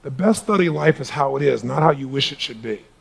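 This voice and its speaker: A middle-aged man giving a live motivational seminar talk to a large audience in a hall, booming and energetic, swinging from hushed asides to shouting. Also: fast talker, gravelly. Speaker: motivational speaker.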